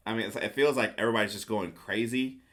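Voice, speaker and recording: A middle-aged man casually recaps a film on his podcast. His voice sits a bit low but has a bright, crisp edge. He meanders, restarts sentences and trails off into uncertainty. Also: fast. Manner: rambling, hesitant, acts out characters' lines. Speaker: podcast host. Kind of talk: casual movie review chat.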